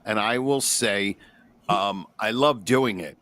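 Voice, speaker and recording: A man co-hosting a comedy podcast, talking in a halting, earnest way with teasing asides. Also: fairly low pitch, a bit bright. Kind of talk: casual chat.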